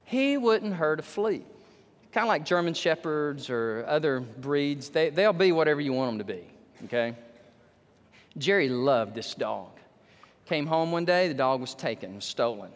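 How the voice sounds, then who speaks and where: A man preaching a sermon and telling a story, animated, swinging from loud to hushed, in a church sanctuary. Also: a little high, normal speed. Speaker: pastor. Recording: long hall reverb.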